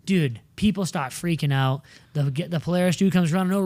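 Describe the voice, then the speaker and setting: A young adult man telling a story in casual podcast chat, animated, swearing freely and saying "dude" a lot. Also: high voice, brisk, no echo, studio quality. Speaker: podcast regular.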